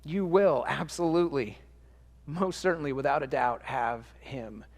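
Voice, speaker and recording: A man with a somewhat high voice preaches in church. He speaks earnestly, pressing his points through repeated phrases and false starts, swinging between ringing emphasis and hushed, close tones. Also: a little slow, vocal fry, long reverb tail. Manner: earnest, emphatic repetition with hesitant restarts. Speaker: pastor. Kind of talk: sermon.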